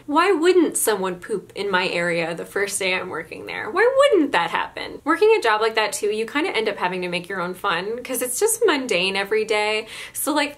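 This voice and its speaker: A woman in her twenties telling stories casually to camera, animated, laughing often and saying "like" a lot. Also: a little high. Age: 20s. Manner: lots of "like" fillers, chatty. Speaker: YouTuber. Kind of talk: casual storytelling vlog.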